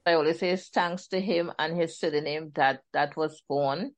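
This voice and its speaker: A woman's voice: low-pitched, normal speed. A woman from Trinidad and Tobago with a Trinidadian accent, an author chatting animatedly about her book in an interview. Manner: chatty, animated storyteller, laughs often. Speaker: author guest. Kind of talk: casual interview chat.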